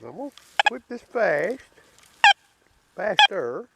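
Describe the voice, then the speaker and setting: A man's voice: high voice, big pitch swings, takes it slowly, vocal fry. A man with a Southern US accent giving a folksy outdoor metal detector demonstration, often calling his viewers boys and checking in with "okay?". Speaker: metal detecting channel host. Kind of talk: casual demonstration talk. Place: outdoors at a dig site. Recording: loud outdoor background noise. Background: detector tones and noise.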